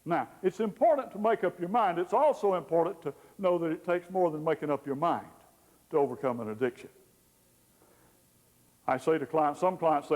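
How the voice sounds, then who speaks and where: A man's voice: a little high, animated, moderate pace, darkish tone. Folksy man teaching in a reverberant hall. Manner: folksy, acts out quoted people with humor. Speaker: Christian counselor teaching. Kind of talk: teaching talk to an audience.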